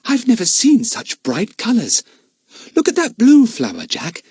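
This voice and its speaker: A man voicing a timid, gentle young girl who talks in a soft, anxious way. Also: very high voice, wildly swooping pitch, a little slow, breathy edge, no echo, clean studio sound, pitched above the performer's own voice, heavily acted. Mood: delighted.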